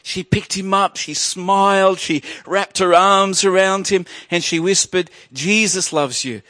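High-voiced man preaching with emphasis. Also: flat delivery, no room sound. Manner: emphatic preaching, rising loud on key points and dropping low and slow in the story. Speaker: pastor. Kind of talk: sermon.

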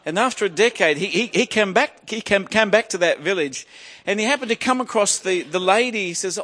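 A man's voice: sits high, animated, brisk, fairly bright tone. A middle-aged male preacher giving a sermon, joking and restarting phrases, then building to emphatic preaching.

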